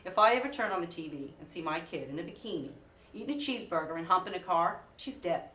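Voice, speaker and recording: A woman in her forties doing a stand-up comedy set, with lively delivery and sing-song voices for her kids. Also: lowish voice, fast talker, a little hiss or hum. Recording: echoey room, mic at a distance.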